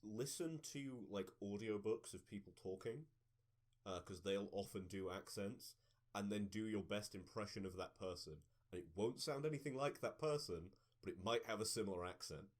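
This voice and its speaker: A man speaks as a guest on a relaxed panel and keeps things loose, with plenty of jokes. His voice sits a little low. He comes across as easygoing throughout. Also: moderate pace. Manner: laid-back, joking. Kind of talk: casual panel chat.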